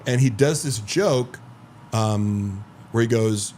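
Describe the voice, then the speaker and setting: A man's voice: fairly low pitch, slow pace, darkish tone, slight background noise. A man on a podcast telling long rambling stories in casual chat, full of 'like' and swearing. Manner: rambling storyteller, heavy filler 'like', profane. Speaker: podcast host.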